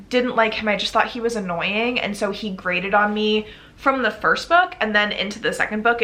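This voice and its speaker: A woman's voice: medium pitch, pushed and bright. A young woman chatting casually in a reading vlog, bubbly and gushing, with lots of "like" fillers. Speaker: book vlogger.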